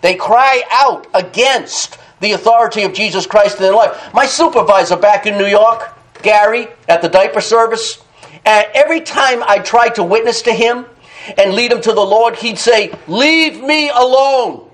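Man, high voice, preaching a sermon, emphatic, repetitive, calls for amens. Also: moderate pace, a bit bright. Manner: emphatic, repeats key phrases, calls out "Amen?"; laughs between points.

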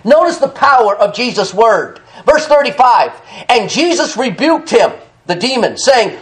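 High-pitched male preacher, emphatic, repeats key phrases, calls for amens. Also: very animated, unhurried, fairly bright tone. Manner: laughs between points. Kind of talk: sermon.

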